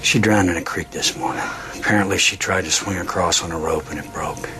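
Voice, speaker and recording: A quiet somber dad from a movie, real low voice, kinda bright tone, faint music behind. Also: male voice, fairly quick, a little hiss or hum. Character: grave father breaking sad news to his son. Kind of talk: film dialogue.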